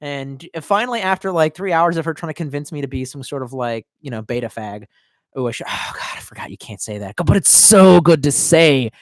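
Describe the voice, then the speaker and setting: A man in his 20s with a voice on the high side chats casually on a live stream, animated and a little fast, reading out chat comments. He sounds drunk, swears constantly and rambles, swinging between loud outbursts and quiet mutters, on a dry, clean studio recording.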